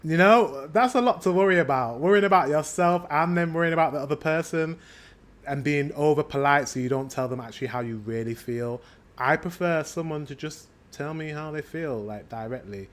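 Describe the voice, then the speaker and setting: A man's voice: on the high side, a little fast. A man with a British accent hosting a reaction video, chatting casually and upbeat, thinking aloud as he comments.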